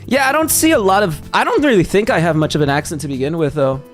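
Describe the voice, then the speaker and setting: A young man from Texas chats on a live stream in a slightly high voice, rambling through fillers and restarted sentences as he answers his viewers. Faint music plays quietly behind him. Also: quick pace. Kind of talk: casual live-stream chat, reading viewer messages.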